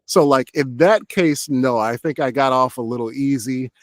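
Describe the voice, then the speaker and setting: A young adult man chats as a guest in an interview, loose and rambling, full of "like" and now and then slipping into a quick acted line. His voice sits at a middle pitch, and the sound is close and dry with no room around it. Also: no echo. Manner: relaxed, rambling, many "like" fillers, acts out short quoted lines. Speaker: voice actor guest. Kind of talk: casual interview chat.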